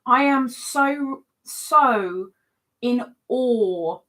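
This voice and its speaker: A woman chats slowly and warmly with her viewers on a live stream. She reads out their comments and teases them as she answers. Her voice sits a little high. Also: lively intonation. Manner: chatty, teasing, reads comments aloud. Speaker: live stream host reading chat. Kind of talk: casual live stream chat.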